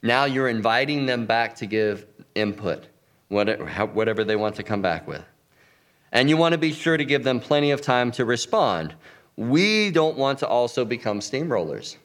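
A man giving an instructional talk, lively, acting out sample lines of dialogue as he explains. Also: mid-range voice, normal speed. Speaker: teacher.

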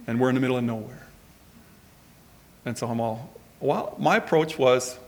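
A man's voice: mid-range voice, normal speed, long pauses. A middle-aged man telling a rambling, conversational story as part of a sermon. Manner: rambling, conversational anecdote with many asides.

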